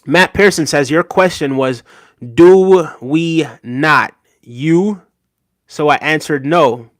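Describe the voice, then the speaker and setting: A man's voice: on the high side, slow, no echo, clean studio sound. Earnest man hosting a live chat stream. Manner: earnest, repeats "right?", thanks chatters by name. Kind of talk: casual live chat commentary.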